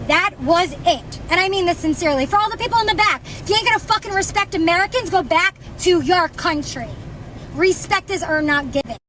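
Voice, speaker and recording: A woman's voice: very high-pitched, a little fast, sharp tone, a little hiss or hum, rough recording. A woman from New York telling an aggrieved, profane story to a phone camera outdoors. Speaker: customer in viral video. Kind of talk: angry storytime rant to camera.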